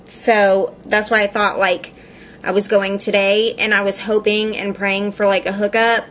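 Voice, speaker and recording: A woman's voice: medium pitch, level tone, unhurried, a bit bright. A woman with a mid-range voice tells a story to her camera in a loose, rambling way. She laughs easily and leans on "like" and "you know" as she talks. It is an easygoing vlog delivery with a faint hiss behind her. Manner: chatty, rambling, laughs often, frequent "like" fillers. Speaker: vlogger.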